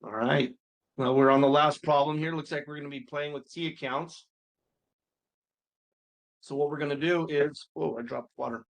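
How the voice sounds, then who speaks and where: Walking through accounting homework in a screen recording, a male instructor thinks aloud casually, now and then mildly exasperated. His voice is a little high, steady, and gravelly, at normal speed with long pauses.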